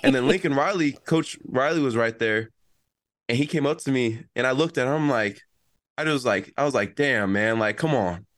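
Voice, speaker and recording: A man's voice: mid-range voice, moderate pace, no room sound, studio quality. A young man, a college football player, telling in casual chat how a play went, acting out what people said. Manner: animated storytelling, acts out quotes.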